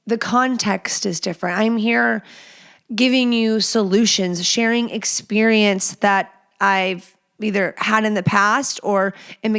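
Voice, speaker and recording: A woman in her thirties hosting a casual solo podcast, talking bluntly and profanely, and acting out quotes with lively storytelling. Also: medium pitch. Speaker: podcast host.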